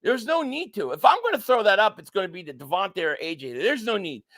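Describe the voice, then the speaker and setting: This fast-talking man with a high voice streams his live reaction to a football game. He calls the plays, reads viewer chats aloud, repeats himself when excited, and swings from shouting about calls to flat frustration.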